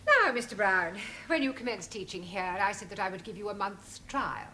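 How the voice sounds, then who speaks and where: A woman's voice: mid-range voice, lively intonation, moderate pace, bright, forceful tone, slight background noise. An actress playing a stern female school principal who speaks in a prim, formal, cold way.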